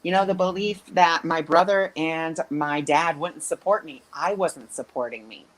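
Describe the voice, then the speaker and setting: Animated woman telling stories, lower voice. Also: moderate pace, poor audio. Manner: animated, acts out quoted voices. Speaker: spiritual intuitive coach. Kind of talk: casual interview storytelling.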